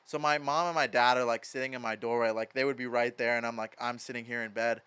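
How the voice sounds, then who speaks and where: His voice is medium-pitched and clean, and he talks quickly. He's a young Wisconsin man in his twenties from Madison, guesting on a podcast with casual, animated stories full of filler words like "like" and plenty of swearing.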